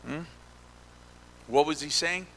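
A young adult male pastor preaching a sermon, calling out to the congregation and building to shouts. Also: on the high side, takes it slowly, slight background noise. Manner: call-and-response preaching, rising to shouts. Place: church sanctuary. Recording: echoey hall with long reverb.

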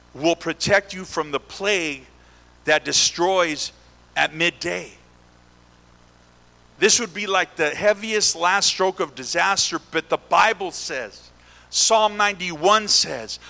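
A young adult male pastor preaching a sermon, calling out to the congregation and building to shouts. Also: high-pitched, creaky. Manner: call-and-response preaching, rising to shouts. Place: church sanctuary. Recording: echoey hall with long reverb.

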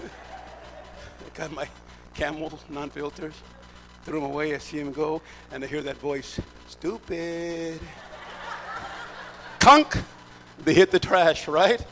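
High-voiced preacher telling his testimony. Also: fairly even intonation, unhurried, long pauses. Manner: emphatic storyteller, acts out dialogue. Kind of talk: sermon testimony. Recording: clear background hum.

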